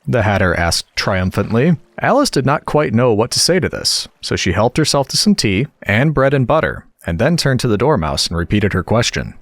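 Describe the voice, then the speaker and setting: A man reading a classic storybook aloud with expressive narration. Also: on the low side, a little fast, no echo. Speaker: audiobook reader. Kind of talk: scripted narration.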